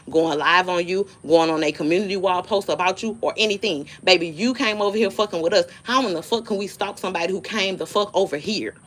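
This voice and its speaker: A woman, her voice sitting a little on the low side, rants on a livestream. She is blunt, curses freely and waves people off, but tells her stories with animation. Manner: blunt, profane, dismissive, animated storytelling. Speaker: livestream host. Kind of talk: casual live-stream rant.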